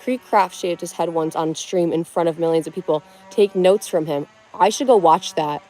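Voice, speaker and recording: A woman's voice: fairly low pitch, moderate pace, darkish tone, soft background music. Young adult woman, live streamer, fresh out of bed, casual and rambling. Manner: chatty and rambling, many "like"s and restarts. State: just woke up, dry-lipped.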